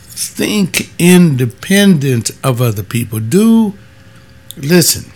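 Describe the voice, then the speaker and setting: Man, former pastor, rough gravelly voice, middle pitch, blunt emphatic storytelling. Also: expressive, unhurried. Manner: emphatic, blunt, jumps high in pitch when quoting others. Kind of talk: casual storytelling monologue.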